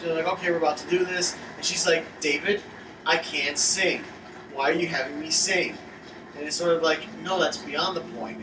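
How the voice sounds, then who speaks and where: A man co-hosting a casual film commentary, chatty and eager, telling stories. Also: high voice. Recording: echoey room, distant mic, noisy.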